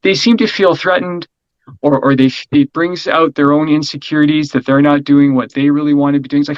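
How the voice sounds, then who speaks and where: A middle-aged man talking as an interview guest in a casual, energetic way, rambling, restarting and asking "right?" often. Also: on the high side, a little fast, smooth, no echo, highs cut off. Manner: energetic, rambling, repeats words, frequent "right?".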